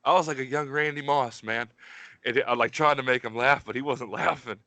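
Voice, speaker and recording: A man's voice: mid-range voice, a little fast, pushed and bright, no echo. A man from Pittsburgh, co-hosting a podcast and telling rambling, profanity-laced stories while calling everyone "dude". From Pittsburgh, USA. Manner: profane, rambling, uses 'dude' constantly. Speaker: podcast co-host. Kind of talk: casual storytelling chat.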